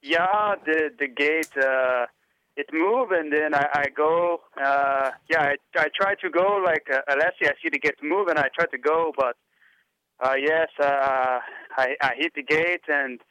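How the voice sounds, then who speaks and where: A man's voice: fairly high pitch, unhurried, bright, forceful tone, clean tone. A man putting on a German accent to play a hesitant young male racer who speaks broken English full of fillers and restarts, on a dull lo-fi radio recording. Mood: halting. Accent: German (put on).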